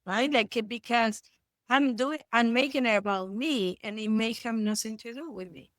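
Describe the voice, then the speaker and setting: A woman's voice: a little high, normal speed, no room sound. A woman from Argentina speaks as a therapist guest in an interview. She is blunt and profane, and she often acts out what her clients say. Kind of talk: candid interview talk.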